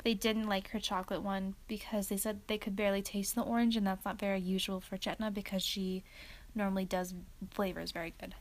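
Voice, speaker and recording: A woman's voice: medium pitch, flat delivery, brisk. A woman co-hosting a podcast, chatting casually with lots of "like" and "um". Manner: chatty, fills with "like" and "um". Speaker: podcast co-host. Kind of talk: casual chat.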